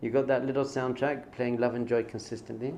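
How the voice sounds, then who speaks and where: A man's voice: medium pitch, flat delivery, fairly quick, darkish tone, slight background noise. A man teaching as a rabbi in an informal spiritual lesson. He talks conversationally, repeats phrases for emphasis and mixes in Hebrew terms.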